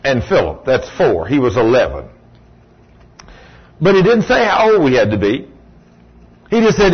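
A man preaching a sermon in a folksy storytelling way, with sudden high exclamations. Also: huge pitch swings, normal speed, pauses often, slightly rough. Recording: dull lo-fi recording.

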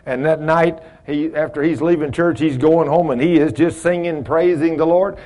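Speaking at a moderate pace with fairly even intonation, a man with a fairly high, darkish voice teaches a Bible study. His manner is folksy and conversational, with questions for the group and acted-out dialogue.

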